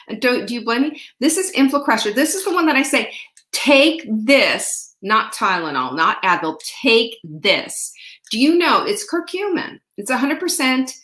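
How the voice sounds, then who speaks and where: A woman's voice: medium pitch, fairly bright tone, echoey room. A middle-aged woman hosting a live online show, chatting with viewers in an upbeat, rambling way. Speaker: host. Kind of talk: live-stream chat with viewers.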